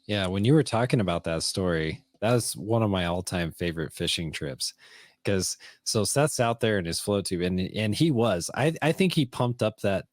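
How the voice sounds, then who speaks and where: A man's voice: on the low side, lively intonation, moderate pace, dry recording, studio quality. A middle-aged man co-hosting a podcast, telling fishing stories in an easygoing, casual way. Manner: storytelling, easygoing. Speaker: podcast co-host. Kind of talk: casual conversation.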